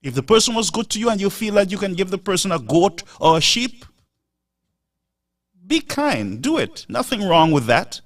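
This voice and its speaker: A man's voice: high voice, lively intonation, quick pace, hardly any pauses, a bit bright, distant mic. A man hosting a live show, delivering an emphatic, preachy monologue full of rhetorical asides.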